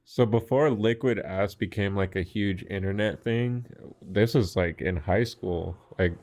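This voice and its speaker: A man's voice: on the low side, measured pace, darkish tone. A young man in casual podcast chat, laid-back, swearing as he recalls school stories.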